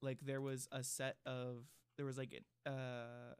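A man's voice: medium pitch, monotone, unhurried, smooth, dry recording. Casting: male podcast co-host, casual and rambling, dry close sound. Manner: rambling, filler-heavy storytelling. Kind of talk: casual chat.

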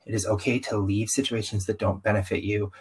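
Husky young man with slight Southern accent. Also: on the low side, brisk. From Southern US, raised partly in Baltimore. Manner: open, animated storytelling with quoted asides. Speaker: guest. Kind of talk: candid conversational interview.

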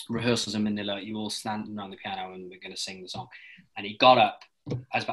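Heard over a rough recording, this fairly low-voiced guest is a musical theatre actor from London who speaks with a British accent. Chatting casually, he rambles through lively stories, restarting often, veering into tangents, and imitating the voices of the people in them.

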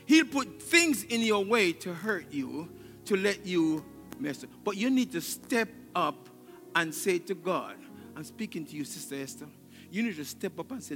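A man's voice: high-pitched, sing-song, a little slow, fairly bright tone. A male pastor preaching a sermon with exclamations, laughter and call-and-response, in a church sanctuary. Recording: long hall reverb, faint music.

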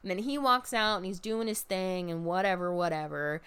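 A woman's voice: fairly low pitch, normal speed, a bit bright, clear, resonant tone. A woman telling a casual, profane story about a live event, full of fillers and acted-out quotes. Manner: chatty, profane, filler-heavy, acts out quotes. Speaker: podcast host recapping a wrestling event.

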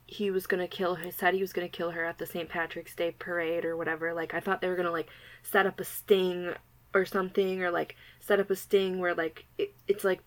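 A woman's voice: on the low side, low-quality recording. Rambling woman. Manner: rambling, lots of "like", quick to laugh. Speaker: podcast co-host. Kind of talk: casual podcast chat.

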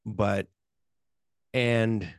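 A man's voice: lowish voice, fairly even intonation, very slow, no room sound, studio quality. A man hosting a podcast, casually retelling film scenes in a rambling way, full of "like". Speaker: podcast host.

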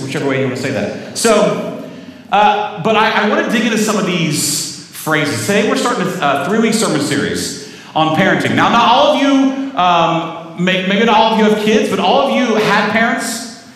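A middle-aged man preaching a sermon, telling stories and chatting asides to the congregation. His voice sits a bit high for a man. It carries through a big echoey church hall, picked up from some distance. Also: big pitch swings, moderate pace, fairly bright tone. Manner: conversational, storytelling with asides to the congregation. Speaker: pastor.

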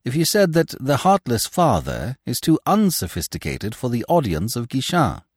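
A man voicing a bland, quick-witted young gentleman. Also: mid-range voice, wildly swooping pitch, husky, dry recording, studio quality, voice pushed up. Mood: unruffled. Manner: cool, unruffled, ironic.

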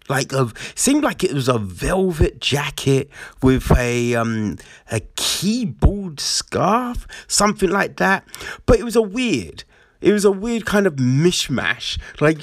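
A man rants about current events in slow, drawn-out speech with lots of swearing. His pitch bounces a lot as his tone turns sarcastic. The voice is close and dry. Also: no echo. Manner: profane, sarcastic, keeps asking "right?". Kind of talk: casual commentary rant.

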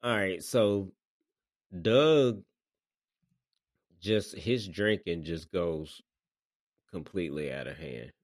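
A man co-hosting a podcast, chatting about a movie at an easy pace and often breaking into loud laughter. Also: low voice, slow, long pauses, no echo, clean studio sound. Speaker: podcast co-host. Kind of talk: casual movie recap chat.

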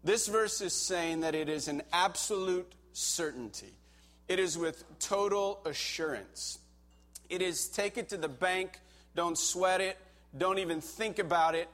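Storytelling pastor with a slightly high voice. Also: male voice, a little slow. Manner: conversational storytelling, animated when reliving panic. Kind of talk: sermon with personal story.

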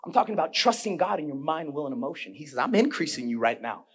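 A male pastor with a high, husky voice preaches his sermon. He moves from quiet, intimate storytelling up to loud, shouted peaks. He keeps firing questions straight at his congregation. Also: very animated, quick pace.

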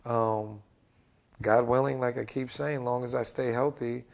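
This basketball head coach, a man in his forties, talks unhurriedly with vocal fry while recounting stories in an energetic interview. His delivery is animated, with big pitch swings whenever he acts out a quote.

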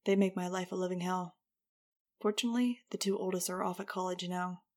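A woman's voice: on the low side, fairly even intonation, fairly quick, darkish tone, close to an everyday voice. A woman voicing a friendly, chatty teenage boy in a storybook reading. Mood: joking.

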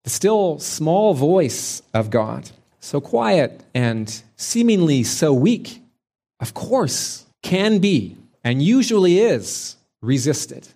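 A man preaching a sermon in a slow, measured, reflective way, pausing often between phrases. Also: on the high side, very animated, gravelly, dark tone.

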